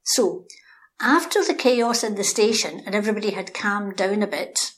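A woman telling a local story in a lively, animated way, acting out the characters. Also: medium pitch, normal speed. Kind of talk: anecdotal storytelling.

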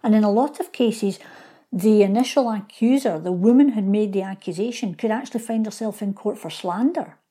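A woman's voice: mid-range voice, brisk, warm tone. A woman historian explaining things in an interview, sometimes acting out the people she describes. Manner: explanatory, acts out quoted voices. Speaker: local historian guest.

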